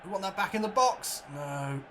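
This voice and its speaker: A man commentating his own football video game match like a broadcaster, jokey and prone to excited outbursts and swearing. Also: high voice, normal speed, background noise. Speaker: let's play gamer. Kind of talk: mock football commentary over gameplay.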